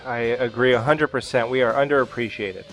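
A man's voice: medium pitch, brisk, a bit bright, soft background music. Wisecracking man co-hosting a podcast. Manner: dry wisecracks.

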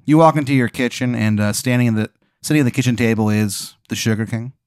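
A man's voice: mid-range voice, fast talker, darkish tone, clear, resonant tone, no room sound, studio quality. A man leading an improvised comedy scene with casual, rambling narration full of "like".

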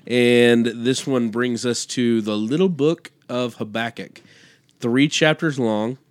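A man's voice: mid-range voice, fairly even intonation, slow, no room sound, studio quality. A man co-hosting a podcast, chatting casually and cheerfully about Bible study and cracking jokes along the way. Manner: upbeat, jokey, affirming. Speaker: podcast co-host.

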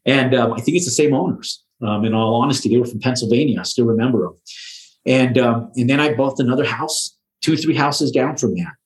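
A middle-aged man, a home builder, is speaking as a podcast guest. His voice sits at an ordinary middle pitch, and he tells his stories in a loose, slangy way. He swears freely and restarts his sentences often. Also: brisk, low-quality recording. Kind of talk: casual storytelling.

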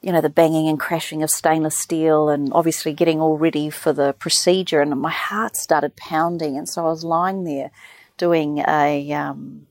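A woman's voice: sits low, steady tone, normal speed, no echo. A middle-aged woman, chatting casually and animatedly telling a personal story, acting out the voices of others. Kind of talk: casual chat.

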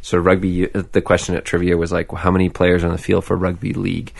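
Deep, gravelly man with a lively voice. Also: fast talker, no echo. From Canada. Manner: storytelling, acts out others' words. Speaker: podcast host. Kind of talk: casual group chat.

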